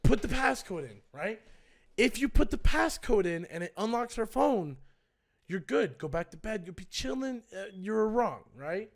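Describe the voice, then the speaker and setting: A man's voice: high voice, very animated, measured pace. A young man in his twenties, a streamer casually telling a story with lots of swearing and acting out both sides of the phone calls.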